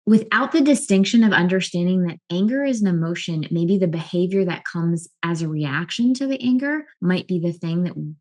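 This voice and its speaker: A middle-aged woman, a life and wellness coach, explaining emotions in a calm, earnest way with frequent restarts. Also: lowish voice, brisk. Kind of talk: explanatory talk to camera.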